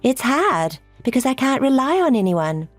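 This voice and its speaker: A woman's voice: high-pitched, big pitch swings, moderate pace, no room sound, faint music behind. A woman voicing a selfish, scheming adult woman who gloats about stealing husbands, in a texting-story voice-over. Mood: self-pitying. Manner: taunting, gloating.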